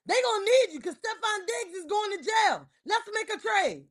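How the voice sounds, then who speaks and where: A woman's voice: very high voice, sing-song, normal speed. A woman hosting a livestream, ranting heatedly about her football team with exasperated trash talk. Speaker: livestream host. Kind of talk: ranting sports reaction livestream. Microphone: streaming mic.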